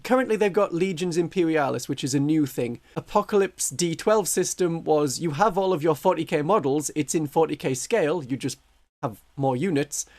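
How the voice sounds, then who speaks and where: A man's voice: fairly high pitch, normal speed, a little mellow. A man chatting as a vtuber guest, explaining a hobby game in a wry, self-deprecating way and laughing often. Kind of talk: casual explanatory chat.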